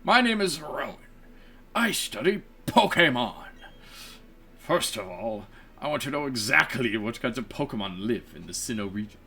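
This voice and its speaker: A stern, formal old professor speaks in measured, earnest sentences, as a man reads his lines aloud from a game. The voice is bright and lively in pitch. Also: breathy edge, full character voice. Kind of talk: reading game dialogue aloud.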